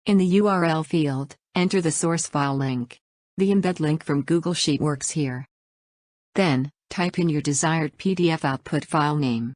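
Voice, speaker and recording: A woman narrating a scripted software tutorial, reading each step in an even, instructional way and spelling out acronyms letter by letter. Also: low voice, moderate pace, no room sound, clean studio sound.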